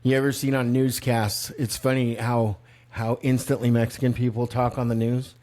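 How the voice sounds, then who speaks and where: Older male podcast co-host, animated casual storyteller, mid-pitched everyday voice. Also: moderate pace. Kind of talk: casual chat.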